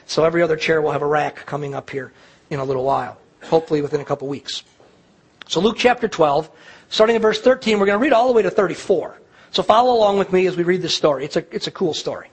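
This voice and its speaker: A man's voice: a little high, fast, slightly rough. A man preaching a sermon in a church, talking in an earnest, conversational way. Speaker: pastor. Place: church sanctuary.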